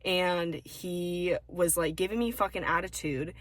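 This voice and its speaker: Profane, animated young woman storyteller. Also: fairly low pitch, unhurried, no echo. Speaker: podcast co-host. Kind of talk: casual chat.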